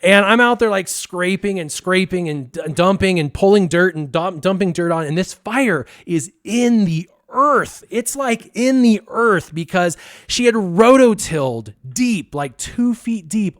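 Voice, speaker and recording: A man casually telling a funny story, lively and laughing as he acts out the voices of the people in it. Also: high voice, dry recording, studio quality. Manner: animated, laughing, acts out quotes. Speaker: guest storyteller.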